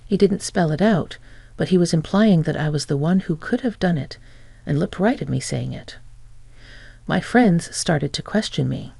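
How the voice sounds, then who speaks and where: A man narrating a first-person story in an even storytelling voice, quoting others in the same voice. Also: fairly high pitch, normal speed, creaky, breathy edge, no echo.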